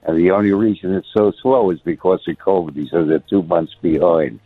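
A man's voice: sits low, brisk, slightly rough, no echo. A man calling in to a radio show, giving his opinion with many hesitations and fillers. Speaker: radio caller. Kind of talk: call-in opinion. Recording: muffled phone line.

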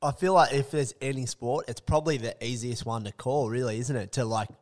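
A man's voice: mid-range voice, steady tone, brisk. An Australian man co-hosting a sports podcast, talking casually and rambling with lots of fillers. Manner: rambling, lots of fillers, drops quieter when musing. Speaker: co-host.

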